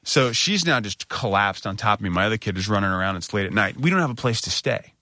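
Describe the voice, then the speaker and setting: A middle-aged man casually telling a self-mocking story, acting out other people's lines with big jumps in pitch. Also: fast talker, hardly any pauses, pushed and bright, no echo, studio quality.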